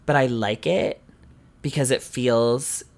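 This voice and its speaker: A man co-hosting a chatty podcast, his voice sitting at an everyday middle pitch. He talks in an animated way, laughs a lot and throws in the odd curse. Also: takes it slowly, vocal fry. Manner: animated, laughs often, swears. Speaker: podcast co-host. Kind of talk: casual chat.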